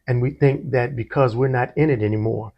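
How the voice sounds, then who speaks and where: A man's voice: mid-range voice, steady tone, a little fast, gravelly, highs cut off. A man, a church musician, telling his life story to an interviewer and acting out the voices of people in it. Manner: storytelling, acts out quoted voices. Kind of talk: conversational testimony.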